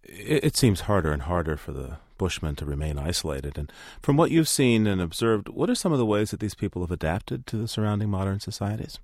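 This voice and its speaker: Low-voiced man interviewer, lively intonation. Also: brisk, few pauses, no echo, studio quality. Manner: curious, probing questions. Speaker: interviewer, radio host. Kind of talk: interview questions.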